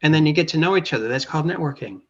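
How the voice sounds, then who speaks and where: A man's voice: on the high side, lively intonation, fairly bright tone, breathy edge, muffled recording. A man hosting an interview, chatting casually and encouragingly, acting out little quotes as he goes. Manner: encouraging, speaks in quick bursts with acted-out quotes. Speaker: interview host.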